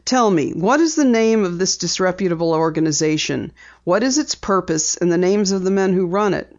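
A woman reader voicing a gruff middle-aged male newspaper editor who asks brisk, pointed questions. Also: lowish voice, animated, a little mellow, dull audio, close to an everyday voice. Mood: probing.

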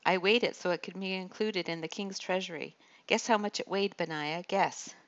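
A woman's voice: lowish voice, normal speed, lo-fi sound, close to an everyday voice. A woman playing a vain, petulant young prince. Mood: eager. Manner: whiny, preening, pouting.

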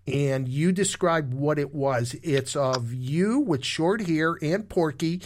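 A man's voice: a little high, slow, slight background noise. A man hosting an oldies radio show, chatting casually with a guest and plugging the program.

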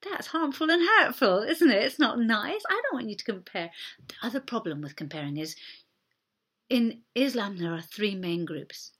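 A woman preaching a sermon in a gentle, conversational way, often dropping her voice almost to a whisper. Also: on the high side, big pitch swings, moderate pace, husky.

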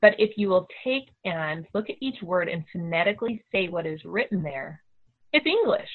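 A middle-aged homeschooling mother telling a story in a casual, animated way, acting out the voices of the people she quotes. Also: lowish voice, moderate pace. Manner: animated, acts out quoted dialogue. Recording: tinny phone-like audio.

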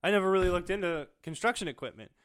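A young man chatting casually on a podcast, telling animated stories and swearing freely. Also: high-pitched, racing. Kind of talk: casual chat.

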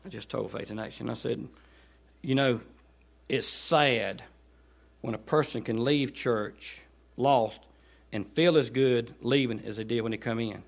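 A man with a Southern accent preaching a guest sermon in a church, dropping to quiet asides and then rising into loud, pleading exhortation. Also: unhurried, gravelly. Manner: swings from low conversational asides to high shouted pleading. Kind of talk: Baptist sermon. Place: church sanctuary.

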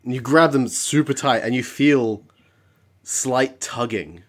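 A game master narrating a tabletop game in a slow, measured way with dramatic pauses. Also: mid-range voice.

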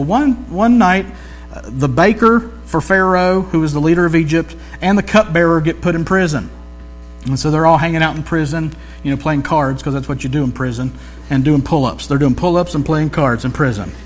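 A man preaching a sermon in a loose, conversational storytelling way, with jokey asides and slang. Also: a little high.

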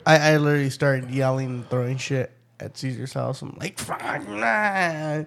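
A man's voice: mid-range voice, moderate pace, creaky, hardly any pauses, fairly bright tone. A young man in casual, profane chat, rambling through a story and acting out both sides of the talk.

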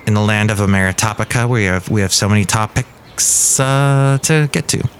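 A man hosting a casual solo podcast, commenting on music news in a rambling, opinionated way and reading quotes with lively swings. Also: lowish voice, moderate pace, a little hiss or hum. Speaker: podcast host.

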